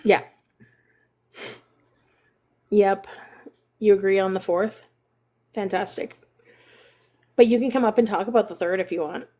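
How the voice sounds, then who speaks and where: A woman hosting a casual live stream, chatting with viewers and cooing at her dogs in a high baby voice. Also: steady tone, measured pace, long pauses, a little mellow. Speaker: livestream host.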